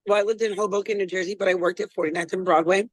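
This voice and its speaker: A woman's voice: mid-range voice, steady tone, very fast, no echo, rough recording. A woman chef from Florida, chatting casually in an interview, rambling and joking about herself. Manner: chatty, rambling, self-deprecating. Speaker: chef and guest.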